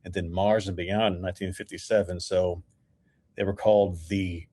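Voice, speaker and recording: Deep-voiced man reading out facts. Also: normal speed, no room sound. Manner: steady, informative, reads facts aloud. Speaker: podcast co-host, researcher. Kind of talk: casual chat.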